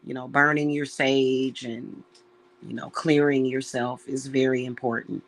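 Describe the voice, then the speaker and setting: A woman's voice: a bass voice, little pitch movement, a little slow. Heartfelt woman near tears, spiritual talk. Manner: heartfelt, emotional, addresses viewers as y'all. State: close to tears. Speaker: witch and spiritual reader. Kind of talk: casual spiritual talk to viewers.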